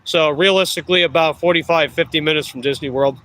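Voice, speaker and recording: Out on delivery, a middle-aged vlogger with a Long Island New York accent chats loosely with his live viewers, wandering off topic and correcting himself. He speaks fast in a voice that's on the high side, bright and forceful, over a rough recording.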